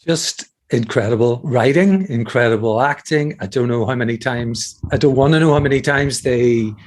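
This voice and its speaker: Male podcast guest, average pitch, casual and halting, thinks aloud. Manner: hesitant, with restarts and fillers. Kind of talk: casual discussion.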